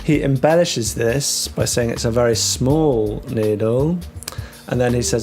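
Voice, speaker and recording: A man teaching English vocabulary, talking through words with many ums and restarts and slowing down on the key terms. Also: mid-range voice, darkish tone, faint music behind. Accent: British English. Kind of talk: explaining vocabulary to learners.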